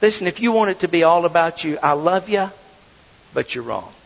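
Male preacher, fairly high-pitched, muffled sound in a reverberant sanctuary. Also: lively intonation, a little fast, creaky. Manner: preaching with sudden swings between loud and hushed. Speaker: pastor. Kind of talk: sermon. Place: church sanctuary. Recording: dull, reverberant sanctuary audio.

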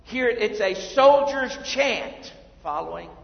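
A man preaching a sermon as pastor, swinging between hushed and loud passages. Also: very high-pitched, lively intonation, a little slow, gravelly. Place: church sanctuary. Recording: echoey hall from far off, dull lo-fi.

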